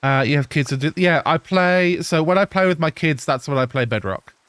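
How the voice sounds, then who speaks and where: A man in his thirties from England with an English accent softened by Australian, chatting casually with viewers while playing a game live. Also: fairly high pitch, a little fast, smooth, dry recording. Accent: English mixed with Australian. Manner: chatty, answers viewers, laughs often. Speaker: live streamer. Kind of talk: casual live-stream chat while gaming.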